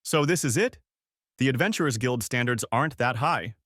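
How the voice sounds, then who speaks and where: A man playing a cold, self-assured young fighter who talks in a calm, flat, mocking way. The sound is dry and close. A lively pitch keeps the taunts moving. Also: normal speed, dry recording, lightly acted.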